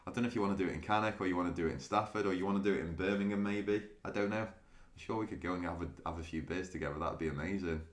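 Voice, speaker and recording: A man's voice: low-pitched, very fast, few pauses, echoey room. A man chatting casually with viewers on a live stream, laughing often and restarting his sentences. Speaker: day trading streamer.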